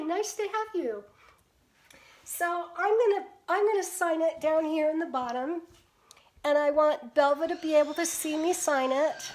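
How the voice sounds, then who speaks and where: An older woman with a notably high voice hosts her painting live stream. She chats casually and warmly with viewers, greets them by name and laughs easily as she works. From Pacific Northwest US.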